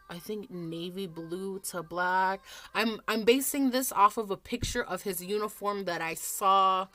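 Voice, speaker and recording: A woman's voice: on the low side, sharp tone. A woman in her thirties chatting casually and rambling as she does her makeup at home on camera for a vlog, swearing freely. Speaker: vlogger.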